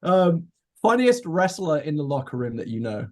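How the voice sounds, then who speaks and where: Teasing male podcast host, raised pitch. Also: very animated, a little mellow. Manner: teasing, joking, quick-fire questions. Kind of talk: casual comedic interview.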